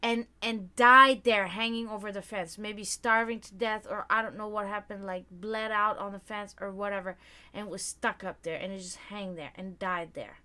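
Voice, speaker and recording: A woman's voice: mid-range voice, moderate pace. A woman hosting a livestream, telling rambling, profane stories in casual chat. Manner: rambling, profane, animated storytelling. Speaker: livestream host.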